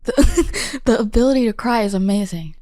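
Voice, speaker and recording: Mellow-voiced teenage girl, casual guest. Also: fairly high pitch, animated, normal speed, no room sound. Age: late teens. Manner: casual, says "like" often, self-mocking. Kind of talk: casual interview talk.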